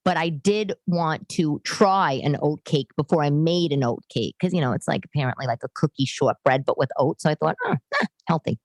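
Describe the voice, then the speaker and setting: Middle-aged woman podcast host, low-pitched, rambling and self-deprecating, dry room. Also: a little fast, few pauses, a little mellow, no room sound. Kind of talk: casual solo chat. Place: living room.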